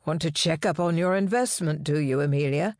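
A woman reading an audiobook, voicing a man, a fiancé who talks earnestly and turns shrill and snappish when challenged. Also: brisk, darkish tone, no echo, clean studio sound, lightly acted. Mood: earnest, indignant. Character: pompous, indignant fiancé, a man.

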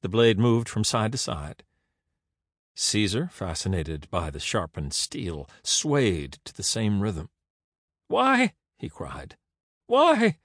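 A man narrating an audiobook in an expressive, dramatic reading. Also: deep voice, takes it slowly, no room sound, clean studio sound.

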